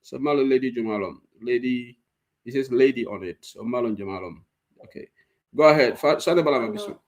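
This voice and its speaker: A man's voice: medium pitch, quick pace, a little mellow. A man hosting a current affairs talk show, emphatic and argumentative, slipping into local language. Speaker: host.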